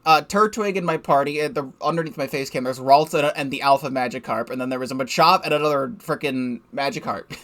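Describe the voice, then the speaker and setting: A man's voice: mid-range voice, brisk, fairly bright tone. A young man giving casual, rambling game commentary from his desk, swearing freely and laughing at himself. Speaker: let's play gamer.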